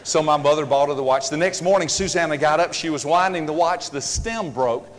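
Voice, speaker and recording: A man giving a humorous seminar talk, telling family stories in an animated, joking way. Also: a little high, fairly quick, big-room sound. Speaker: seminar speaker.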